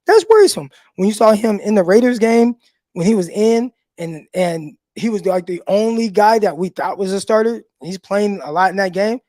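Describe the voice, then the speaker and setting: A man's voice: high-pitched, moderate pace, darkish tone, no echo. A man hosting a live sports call-in show, talking loosely with fillers and casual swearing. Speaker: sports podcast host.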